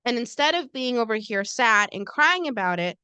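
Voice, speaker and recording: Woman telling a personal story, smooth higher voice. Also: sing-song, normal speed, pushed and bright, dry recording. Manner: personal storytelling with acted quotes. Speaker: co-host. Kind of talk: casual podcast chat.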